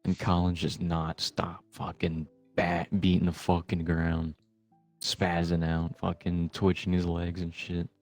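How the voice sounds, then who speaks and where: A man's voice: deep voice, monotone, unhurried, darkish tone, soft background music. A young man chatting casually while gaming, telling a long rambling story full of swearing. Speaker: gamer recording with a friend.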